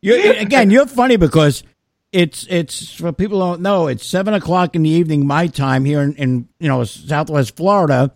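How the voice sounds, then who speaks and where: High-voiced man hosting a chat. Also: normal speed, no echo, studio quality. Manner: laughs often, swears casually. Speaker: podcast host. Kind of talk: casual chat.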